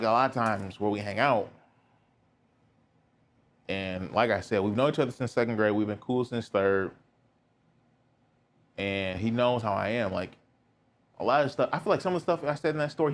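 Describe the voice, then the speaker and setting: A young man hosting a podcast, telling a personal story in a candid, rambling way with lots of filler words. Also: lowish voice. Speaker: podcast host.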